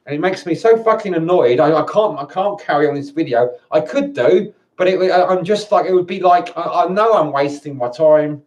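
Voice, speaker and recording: A man's voice: fairly high pitch, normal speed, few pauses, dull audio. Angry, stammering man ranting. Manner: angry, swearing, stammering restarts. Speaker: vlogger.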